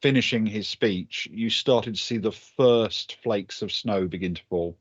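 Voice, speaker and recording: Brief: male game master, lowish voice, measured narration, dull dry home mic. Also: husky, dry recording.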